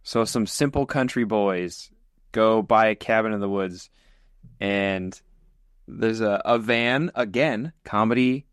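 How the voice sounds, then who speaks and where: A man co-hosting a podcast, telling a story with lively, acted-out energy. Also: lowish voice, slow, clear, resonant tone, no room sound, clean studio sound. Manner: animated storyteller, acts out scenes. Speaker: podcast co-host. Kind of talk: casual podcast chat.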